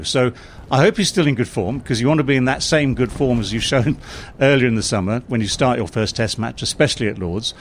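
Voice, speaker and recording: A man's voice: mid-range voice, slight background noise. A man in his sixties, a former England cricket captain, reminiscing in a casual outdoor radio interview with plenty of fillers. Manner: relaxed and reminiscing, with many fillers.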